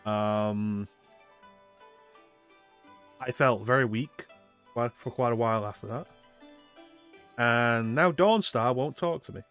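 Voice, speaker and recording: A man's voice: mid-range voice, slow, long pauses, a bit bright, smooth, soft background music. A man streaming a video game, giving casual, crude, joking commentary from a desk mic at home.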